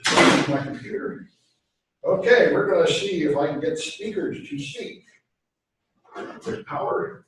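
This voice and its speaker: A man's voice: fairly high pitch, animated, a little slow, pauses often, background noise. A man lecturing a college class, talking to himself casually as he tries to get the speakers and projector working. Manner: casual, muttering while he fiddles with gear. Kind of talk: talking to himself while setting up class equipment. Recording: echoey classroom, voice far from mic.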